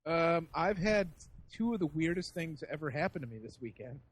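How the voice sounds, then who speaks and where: A man with a high voice tells a story on a podcast. He is animated and laughs often. He acts out the people in the story as he goes. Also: moderate pace, no echo. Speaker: podcast host. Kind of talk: casual storytelling.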